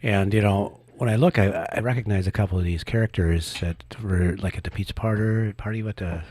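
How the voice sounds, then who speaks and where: Low husky man, skeptical commentary. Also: darkish tone, no room sound. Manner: skeptical, halting, with many restarts. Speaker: co-host. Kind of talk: casual political commentary.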